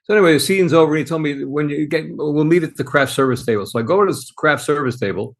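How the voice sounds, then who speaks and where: A man co-hosting a podcast, telling an animated anecdote in casual conversation. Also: a little high, fast. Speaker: podcast co-host. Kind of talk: casual storytelling.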